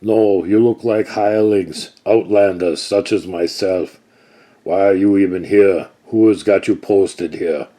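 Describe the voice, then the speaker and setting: Bold adventurer, loud drawn-out bluffing, as a man puts him on, mellow low voice. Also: fairly even intonation. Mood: blustering. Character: bold male adventurer, blustering talker.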